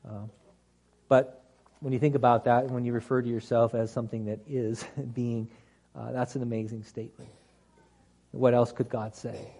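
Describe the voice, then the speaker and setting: A man's voice: medium pitch, steady tone, moderate pace, warm tone. A man teaching a Bible study class to a group, talking through the text conversationally with restarts and dry humorous asides.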